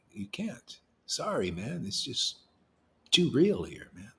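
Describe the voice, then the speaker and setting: A male spiritual teacher preaching informally to his devotees, his pitch swinging up and down with lively force. He talks in a challenging, colloquial way and repeats words to drive his points home. His voice sits in a middle pitch for a man. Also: takes it slowly, creaky. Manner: animated, emphatic, challenging, colloquial.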